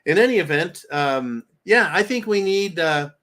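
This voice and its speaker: An American man hosting a live stream, ranting loudly with crude insults between reading out donations. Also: high-pitched, expressive, normal speed. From United States.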